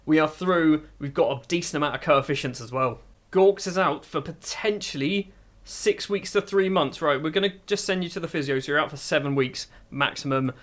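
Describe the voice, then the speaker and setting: Guy narrating his football manager save, kinda high voice, gets excited calling the plays. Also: moderate pace. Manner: excitable play-by-play, musing aloud. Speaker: gaming YouTuber. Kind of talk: football management game commentary.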